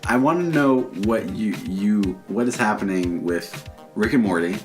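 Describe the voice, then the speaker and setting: An American man co-hosting a podcast in casual chat, jokey and quick to slip into goofy impressions. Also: lowish voice, animated, over music. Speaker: podcast co-host.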